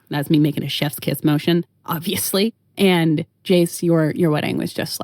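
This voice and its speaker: A woman co-hosting a podcast in casual chat, animated and storytelling, swearing freely and acting out quotes. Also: deep voice, normal speed, hardly any pauses, no room sound. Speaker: podcast co-host.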